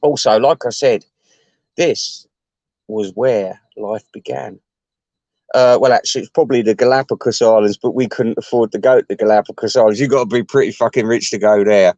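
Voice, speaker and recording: A man chatting to his viewers in a rambling, sweary way, chuckling often and jumping his voice up high. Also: moderate pace, a little mellow, dry recording, highs cut off. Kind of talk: casual rambling chat.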